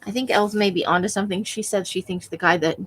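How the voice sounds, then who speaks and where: A woman's voice: medium pitch, steady tone, quick pace, fairly bright tone, breathy edge, low-quality recording. A woman hosting a crafting livestream, chatting casually with viewers while she works and laughing often. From Nevada.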